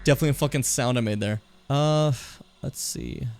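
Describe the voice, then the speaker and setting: A man's voice: medium pitch, a little fast, a little mellow, clean tone, soft background music. A man streaming a video game, talking casually and swearing, flaring into mock rage and back. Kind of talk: casual gameplay commentary.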